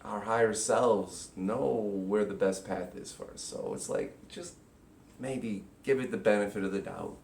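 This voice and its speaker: A man giving a casual spiritual teaching talk, animated and acting out inner voices with sudden loud, high bursts. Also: unhurried, creaky, a little hiss or hum. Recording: echoey room.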